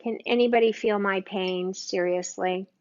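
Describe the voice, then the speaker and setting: A woman's voice: medium pitch, steady tone, moderate pace, lo-fi sound. A woman hosting a live cooking stream from her home kitchen, chatting with viewers by name in an exclamatory way. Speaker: cooking show host.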